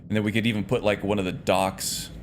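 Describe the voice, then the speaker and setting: A man casually talking through a video game as he plays, relaxed and rambling with fillers. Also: on the low side, quick pace, slight background noise. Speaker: streamer. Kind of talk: casual gameplay commentary. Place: home. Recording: music playing behind. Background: clear background music.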